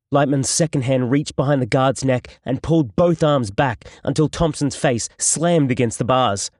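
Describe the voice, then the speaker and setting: A man narrating an audiobook in the first person, with steady, measured storytelling. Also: mid-range voice, dry recording, studio quality.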